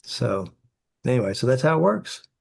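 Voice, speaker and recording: A man's voice: medium pitch, big pitch swings, moderate pace, vocal fry, darkish tone, breathy edge. Guy telling client stories in an interview, lots of "you know", acts out the dialogue. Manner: anecdotal, acts out quoted dialogue, many "you know" fillers. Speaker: therapy practitioner. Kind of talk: storytelling interview answers.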